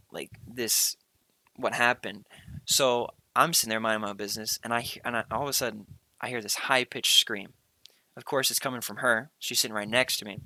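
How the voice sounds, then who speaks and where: Bright young man telling a story. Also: medium pitch, rough recording. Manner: rambling, heavy on fillers and slang. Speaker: podcast host. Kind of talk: casual storytelling.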